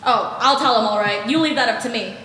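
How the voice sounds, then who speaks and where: A young woman playing a sly, jovial one-legged pirate cook in a school stage play, with gruff seafaring bluster. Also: fairly high pitch, a little fast, sharp tone. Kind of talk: high school stage acting. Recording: echoey auditorium stage sound, noisy.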